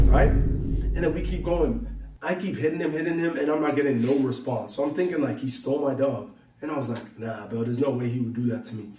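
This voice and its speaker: A man's voice: mid-range voice, a little fast, warm tone, reverberant, distant mic. A young man telling a long story to his viewers in loose slang, acting out both sides of each conversation. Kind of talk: casual storytelling to camera.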